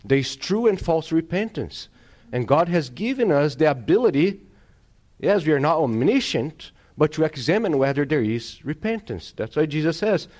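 A man's voice: a little high, big pitch swings, normal speed, darkish tone. A male pastor delivering a sermon, preaching emphatically and calling on the congregation for amens.

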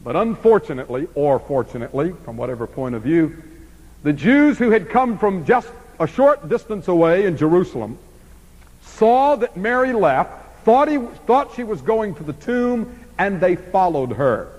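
A man delivering an expository sermon in a somewhat high voice, his pitch rising and falling widely. He swings from emphatic stretches down to near-hushed ones, and his voice rings out with a long hall reverb. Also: very animated, moderate pace. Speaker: preacher.

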